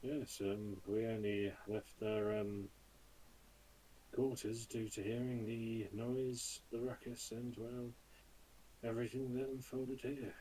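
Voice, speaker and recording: A man's voice: mid-range voice, level tone, slow, mellow, slight background noise, rough recording. A man playing his character in a tabletop game, hesitant and dry, with many fillers. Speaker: player.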